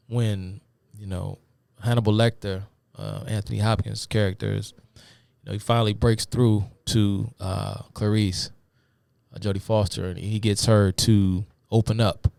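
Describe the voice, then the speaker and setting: Deep gravelly man lecturing casually. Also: darkish tone, no room sound, clean studio sound. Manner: rambling, many fillers, addresses viewers as y'all. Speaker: host of a live talk stream. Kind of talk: casual live-stream lecture.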